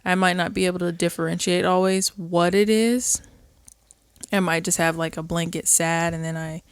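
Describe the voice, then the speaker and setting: Gravelly-voiced woman chatting on a podcast, pretty open about feelings, dry close sound. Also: on the low side, fairly even intonation, moderate pace, no room sound. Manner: open and emotional, acts out little quoted exchanges. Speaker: podcast co-host. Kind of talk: casual chat.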